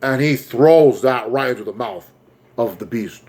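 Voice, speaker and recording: A man giving an excitable, rambling plot recap as a movie reviewer, full of fillers. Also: medium pitch, unhurried.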